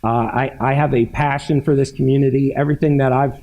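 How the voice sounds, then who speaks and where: A retired man from Frederick County giving an earnest keynote speech at an awards event, talking with frequent halting restarts. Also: mid-range voice, fairly even intonation, muffled recording. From Frederick County, Maryland. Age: older. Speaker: keynote speaker.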